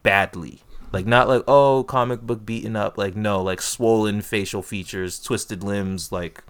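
A young man with a slightly low voice recounts scenes with punchy emphasis. His casual, slangy delivery hammers home each detail. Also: fairly even intonation, unhurried, clear, resonant tone. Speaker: movie discussion co-host. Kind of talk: casual chat.

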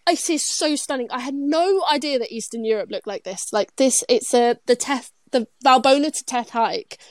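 A woman's voice: high-pitched, moderate pace, no room sound. A woman, chatting casually as a guest, giggly and rambling with lots of restarts. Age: 20s. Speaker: guest, traveler. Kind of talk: casual chat.

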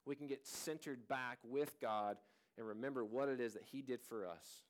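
A man's voice: mid-range voice, normal speed. A man in his thirties preaching a sermon as a pastor, in an earnest, conversational way, often restarting his sentences.

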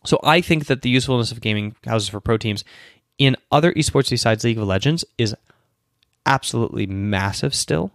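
A man's voice: mid-range voice, a little fast, dry recording, clean studio sound. A man hosting a solo question-and-answer show, explaining at length with restarts and asides, tired and yawning early in the morning. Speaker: podcast host answering questions. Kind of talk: casual solo Q&A talk.

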